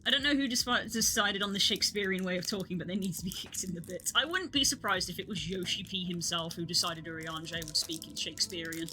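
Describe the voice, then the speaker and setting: A woman's voice: fairly low pitch, quick pace, hardly any pauses, sharp tone, slight background noise. A woman streaming a game live, chatting casually and reading game dialogue aloud.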